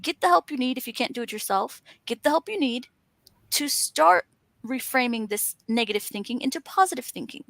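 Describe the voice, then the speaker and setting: Woman with a high voice, earnest and encouraging, dry close sound. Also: animated, brisk, gravelly, fairly bright tone, no room sound. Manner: earnest, encouraging, emphatic lists. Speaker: author and panel host. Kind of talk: motivational casual chat.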